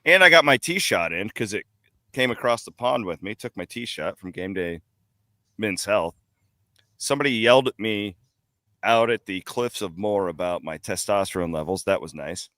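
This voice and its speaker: Bright-voiced man telling travel stories. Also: on the low side, moderate pace, dry recording, clean studio sound. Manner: animated storyteller, laughs at his own stories. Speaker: podcast co-host. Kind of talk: casual sports podcast chat. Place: airport bar.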